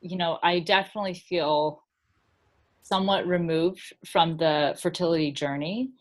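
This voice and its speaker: A woman's voice: fairly low pitch, fairly even intonation, moderate pace. Woman telling a personal story. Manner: open, rambling, laughs often. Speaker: guest speaker.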